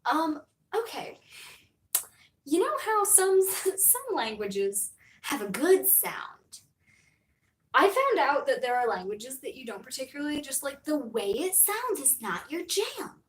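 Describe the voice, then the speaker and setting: A woman's voice: high voice, very animated, takes it slowly, reverberant. A young American woman streaming, chatting casually in a rambling way, full of fillers and laughs. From United States.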